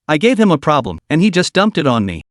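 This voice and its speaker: A man's voice: on the high side, wildly swooping pitch, fast, no room sound, clean studio sound. A man voicing a cocky, sardonic young man in a storybook reading, offhand and sneering.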